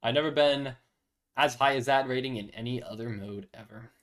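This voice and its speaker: A man's voice: medium pitch, moderate pace, fairly bright tone. A young man streaming chess, chatting casually, self-deprecating and thinking aloud. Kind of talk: casual live-stream chat.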